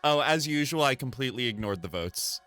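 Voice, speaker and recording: A man's voice: mid-range voice, fairly quick, faint music behind. A man chatting casually on a live stream from his home desk, rambling, swearing and poking fun at himself, into a desk mic. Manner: animated, rambling, swears, self-deprecating. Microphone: desk microphone through a mixer.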